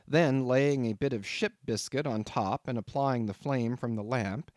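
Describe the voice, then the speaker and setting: A man's voice: medium pitch, a little mellow, dry recording, clean studio sound. Man reading a classic novel aloud. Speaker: audiobook narrator. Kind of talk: scripted narration.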